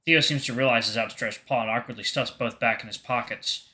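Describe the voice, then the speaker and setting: A man's voice: mid-range voice, fairly quick, sharp tone. A man narrating a visual novel aloud in the first person, with wry asides. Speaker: game streamer reading a visual novel.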